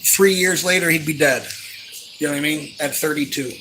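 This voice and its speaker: A man's voice: fairly high pitch, a little fast, noisy background. A man in his forties venting in an emotional, rambling monologue, angry and profane, full of fillers. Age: 40s.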